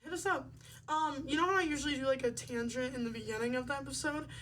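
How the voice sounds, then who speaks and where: A woman's voice: high voice, quick pace, a bit bright, slight background noise, poor audio. Chatty young woman hosting a podcast. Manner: chatty, bubbly, lots of fillers. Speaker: podcast host. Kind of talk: casual chat.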